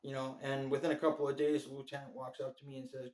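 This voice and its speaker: A man's voice: medium pitch, little pitch movement, quick pace, a little mellow, low-quality recording. A man giving a blunt, profane, rambling monologue ranking jail officers, full of filler phrases. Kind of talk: casual ranting monologue.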